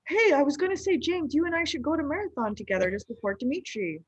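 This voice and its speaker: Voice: high voice, sing-song, fast, dry recording, highs cut off. A performer playing a naive young husband who rambles in an improvised comedy bit, padding every phrase with "like". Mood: eager. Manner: rambling, full of "like", mimics others' voices. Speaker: recurring comedy character.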